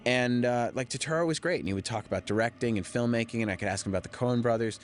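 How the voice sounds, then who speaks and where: A man's voice: medium pitch, fast, a little hiss or hum. A young man, a film director, rambling candidly through a DVD commentary with frequent swearing.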